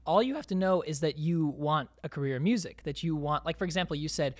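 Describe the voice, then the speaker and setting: A man's voice: a little high, expressive, fast, no echo. A man hosting a casual podcast conversation in a room, speaking in a reflective, encouraging way. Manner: reflective, encouraging, with frequent restarts. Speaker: podcast host. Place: room in Nashville.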